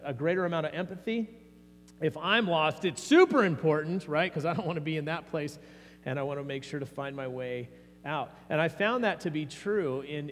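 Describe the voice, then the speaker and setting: A man's voice: on the high side, big-room sound, slight background noise. A man preaching a sermon as pastor, in a conversational manner with frequent fillers and restarts.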